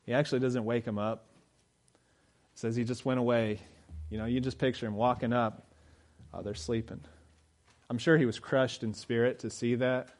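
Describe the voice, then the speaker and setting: A middle-aged man preaching a sermon, swinging between loud urgent emphasis and low, quiet storytelling. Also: flat delivery, normal speed, pauses often.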